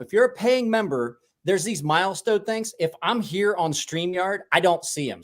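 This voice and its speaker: A man with a somewhat high voice chats loosely on a livestream. He tells stories in a rambling way and swears freely. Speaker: livestream co-host. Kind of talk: casual chat.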